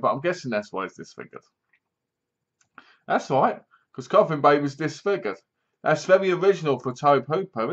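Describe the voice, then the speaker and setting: A man talks through a horror film in a loose, chatty review, acting out scenes with bangs and booms. His voice sits a little high, and the recording is dull and lo-fi. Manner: rambling, animated retelling with sound effects and asides. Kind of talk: casual spoken film review.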